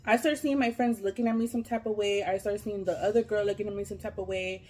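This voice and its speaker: A woman vlogger telling a long story while she eats, casual and animated, full of fillers and swearing. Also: medium pitch, fast. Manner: animated, profane, lots of fillers. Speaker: mukbang vlogger.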